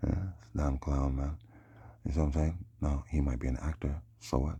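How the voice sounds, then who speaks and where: A man with a very deep, gravelly voice that sounds dark and husky. He rambles through a loose solo monologue, drawling and tossing in a questioning "hmm?" between thoughts. The sound is close and dry. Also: level tone, normal speed, no room sound. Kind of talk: rambling monologue on names and prophecy.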